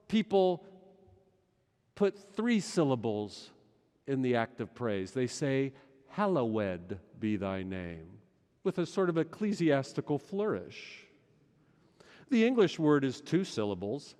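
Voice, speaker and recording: A middle-aged male pastor preaching a sermon, swinging between loud urgency and hushed intensity. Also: a little high, very animated, takes it slowly, long pauses. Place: large church sanctuary. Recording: long church hall reverb.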